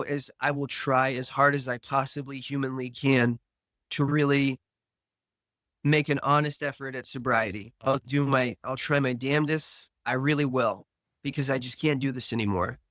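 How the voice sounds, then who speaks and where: A man, a guest on a podcast, slowly and earnestly telling a personal recovery story, acting out remembered dialogue. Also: mid-range voice, fairly even intonation, a bit bright, no room sound.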